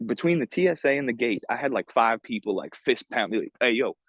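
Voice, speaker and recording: A man's voice: mid-range voice, lively intonation, fast talker, no room sound. A young man with a New York accent, hosting a podcast and telling a story in casual street slang, full of swearing and fillers. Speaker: podcast host. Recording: dull lo-fi remote audio.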